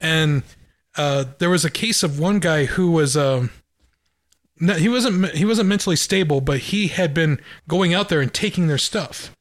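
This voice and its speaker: A man's voice: fairly high pitch, moderate pace. A man from Wyoming co-hosting a podcast in casual, rambling chat and laughing often. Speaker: podcast co-host.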